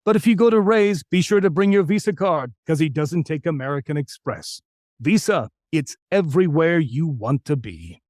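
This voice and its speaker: A man imitating an older male voice-over star with a smooth, deliberate announcer delivery that is both genial and menacing, in a dry room. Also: a little high, expressive, darkish tone, no echo, lightly acted. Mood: folksy pitch.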